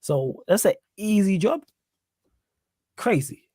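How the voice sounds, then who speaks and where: A man's voice: high voice, sing-song, takes it slowly, mellow, husky, no room sound, studio quality. A man hosting a podcast and backing up his guest in emphatic, casual chat. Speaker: podcast host.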